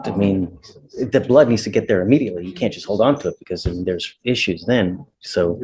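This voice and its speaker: A man's voice: low voice, brisk, darkish tone. A man presiding as a judge over a courtroom docket, talking casually and informally from the bench.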